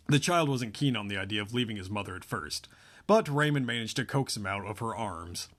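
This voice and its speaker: A man narrating a novel aloud in a steady, even way. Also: lowish voice, brisk. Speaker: audiobook narrator. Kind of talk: scripted narration.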